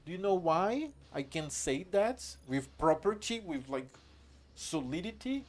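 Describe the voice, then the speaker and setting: Man, higher pitch, livestream commentary, argumentative, profane. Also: sing-song, a little slow. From Brazil. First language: Brazilian Portuguese. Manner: argumentative, profane, answering chat. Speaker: gaming streamer.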